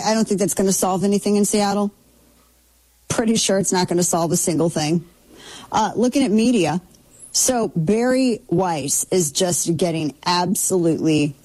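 A woman's voice: medium pitch, mellow, rough recording. A middle-aged woman hosting a casual commentary show, talking in a sarcastic, opinionated way with mocking asides.

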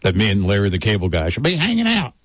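A man from Texas co-hosting late-night talk radio, chatting with lively interjections. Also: lowish voice, fast, dry recording. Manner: lively, interjects short agreements.

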